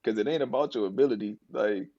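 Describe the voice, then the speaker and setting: A man's voice: fairly low pitch, quick pace, no echo, highs cut off. A man in his thirties talking as a podcast guest, laid-back and explaining things casually. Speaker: podcast guest, former pro basketball player. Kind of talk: casual interview talk.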